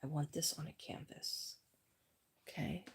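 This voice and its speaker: A woman chatting casually on a live stream from home, rambling and soft-spoken, often dropping to a whisper. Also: sits low, steady tone, measured pace, vocal fry, husky.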